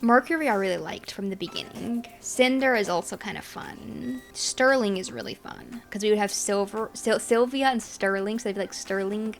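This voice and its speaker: A young woman giving chatty, excitable commentary while playing a life-simulation game, often talking to her characters. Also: medium pitch, moderate pace, creaky, hardly any pauses. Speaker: gaming channel host. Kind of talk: casual gameplay commentary.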